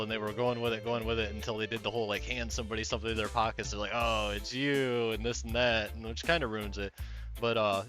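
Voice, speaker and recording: Male podcast co-host, low voice, laid-back rambling chat, faint music underneath. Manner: relaxed, rambling, many fillers. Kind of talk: casual chat.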